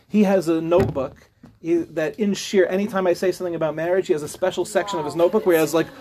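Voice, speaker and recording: A man's voice: high-pitched, fairly even intonation, fast talker, warm tone, slight background noise. A middle-aged man, a rabbi, teaching a humorous live class with chatty storytelling, jokes and restarts.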